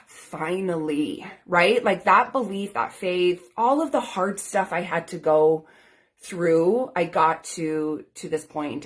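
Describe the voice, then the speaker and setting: Low-voiced woman telling a personal story. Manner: chatty, many "like" and "um" fillers; earnest and grateful. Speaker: life coach.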